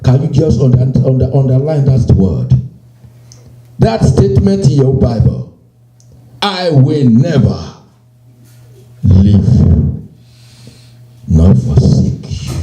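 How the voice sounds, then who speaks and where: A man preaching a sermon, slow and emphatic, repeating phrases and quoting scripture. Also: fairly high pitch, mellow, echoey room, a little hiss or hum, poor audio. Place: church.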